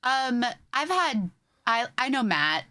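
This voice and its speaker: Lively, giggly woman on a podcast. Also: on the high side, takes it slowly, no echo, studio quality. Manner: excitable, giggly storyteller. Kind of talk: casual chat.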